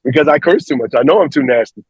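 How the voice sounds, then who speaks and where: A comedian chatting with an old friend as a guest, talking in an emphatic, affectionate way with punchy repetition. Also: male voice, medium pitch, expressive, quick pace, a little mellow, rough recording. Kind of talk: casual chat between old friends.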